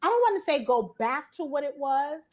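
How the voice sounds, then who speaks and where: A high-pitched woman talks casually as a host. She tells stories with energy and slips into acting out both sides of a conversation. Her speech is loose and colloquial. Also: moderate pace. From Brooklyn, New York. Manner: animated storytelling, acts out dialogue, colloquial. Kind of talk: casual discussion.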